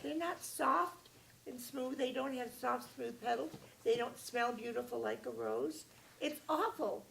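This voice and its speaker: Lady doing a high upset little princess voice, mic a bit far. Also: unhurried, gravelly, fairly bright tone, a little hiss or hum, full character voice. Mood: pleading. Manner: pleading, upset. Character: king's young daughter, upset and tearful.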